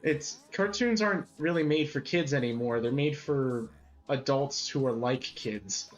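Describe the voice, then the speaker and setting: A man's voice: mid-range voice, unhurried, faint music behind. A young man in casual chat, wry and self-mocking.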